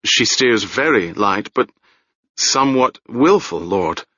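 A man's voice: fairly low pitch, animated, slow pace, pushed and bright, no echo, lo-fi sound, exaggerated voice. A man voicing an earnest, somewhat hesitant young prince in a storybook reading.

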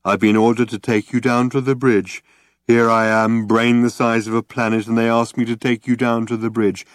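A man voicing a gloomy, depressed male robot in a low, hopeless drone. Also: level tone, moderate pace, dry recording, clean studio sound, close to an everyday voice.

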